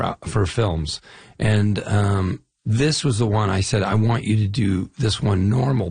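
Gravelly, husky-voiced man telling stories. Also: fairly low pitch, no echo. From Chicago area, US Midwest. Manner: animated storyteller, lists and restarts. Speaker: actor guest. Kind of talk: casual interview talk.

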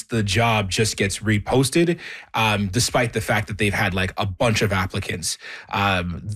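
A man's voice: fairly low pitch, fairly bright tone. Heated man on a jobs panel. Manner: heated, many fillers, rising to emphatic. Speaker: jobs and recruiting guest. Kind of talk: radio panel discussion.

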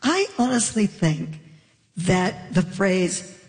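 A woman's voice: medium pitch, expressive, takes it slowly, a little mellow. A Canadian woman on a comedy panel who tells stories animatedly and laughs through them. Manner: laughs while telling stories. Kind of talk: panel discussion. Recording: reverberant hall.

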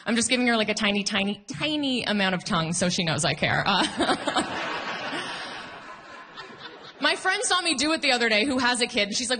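A woman in her thirties performing a stand-up comedy set, telling sarcastic stories with quick voice switches, on a handheld mic at a live venue. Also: on the high side, very animated. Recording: long hall reverb from stage.

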